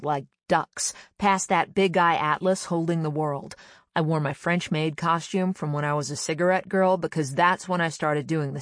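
A woman with a lowish voice tells a personal story in a chatty, meandering way, slipping into the voices of the people she quotes. The sound is close and dry, with no room around her. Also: dry recording. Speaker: comedian. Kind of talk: anecdotal storytelling.

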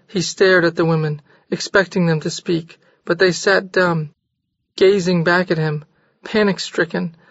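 High-voiced male audiobook narrator. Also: a bit bright, no room sound. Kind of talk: scripted novel narration. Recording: slightly dull dry recording.

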